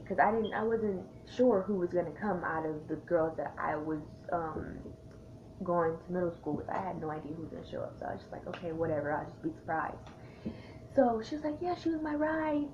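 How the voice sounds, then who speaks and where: A young woman vlogger casually telling a storytime tale in a chatty, animated way, acting out the quotes. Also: on the low side, background noise. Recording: tinny lo-fi sound.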